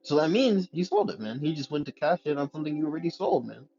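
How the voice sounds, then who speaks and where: A man's voice: fairly high pitch, big pitch swings, quick pace, gravelly, warm tone, dull audio, faint music behind. A man reading scripture aloud with stumbles and restarts, then breaking into slangy street-style commentary as a preacher. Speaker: scripture teacher.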